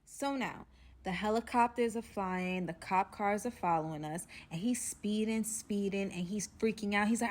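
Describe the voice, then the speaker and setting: Young woman, casual storytime, slangy, dramatic, hushed to loud, mid pitch. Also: normal speed.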